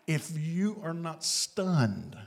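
A pastor delivers his sermon at an unhurried, deliberate pace, his slightly high voice climbing into booming declarations before dropping to near hushes. The sound rings with the long reverb of a large church hall. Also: big pitch swings, creaky. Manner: preaching with big swings from booming to hushed.

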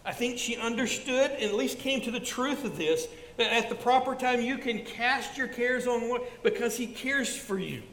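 A man around sixty preaches in an echoing hall with long reverb, his voice pitched high for a man. He presses his points through repetition, then drops soft for a personal story. Faint room ambience hangs behind him. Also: normal speed, few pauses. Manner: earnest, repetitive exhortation, drops soft for stories. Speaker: pastor. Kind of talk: sermon.

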